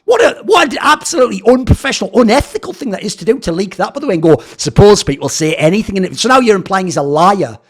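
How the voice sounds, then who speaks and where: A man's voice: sits high, expressive, fast talker, few pauses, husky. A man ranting angrily in a video commentary, sarcastic and swearing, mocking others in put-on voices. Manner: angry, sarcastic, swears often. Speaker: esports commentator.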